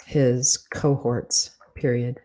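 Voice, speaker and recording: Man slowly dictating with punctuation aloud. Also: mid-range voice. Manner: slow, even dictation that speaks every comma and period aloud. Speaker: author dictating a novel.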